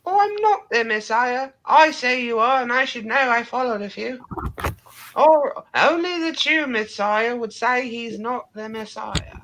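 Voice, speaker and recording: A man doing a shrill squawking mother. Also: unhurried, sharp tone, a little hiss or hum, exaggerated voice. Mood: indignant. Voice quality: shrill falsetto. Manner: indignant, squawking. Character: shrill scolding mother of a would-be prophet, middle-aged woman.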